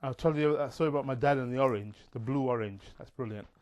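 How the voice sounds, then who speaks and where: A man's voice: medium pitch, fast, dull audio. Rambling chatty man. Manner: chatty, digressive, many fillers. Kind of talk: rambling casual monologue.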